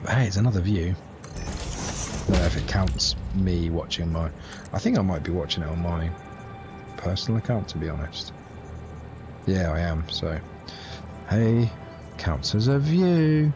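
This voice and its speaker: A man with a low, lively voice talks at a measured pace, leaving long pauses as he chats casually with viewers while live streaming a building game. His banter is rambling, jokey and self-deprecating. He streams off a laptop from a home setup, with game music playing behind him.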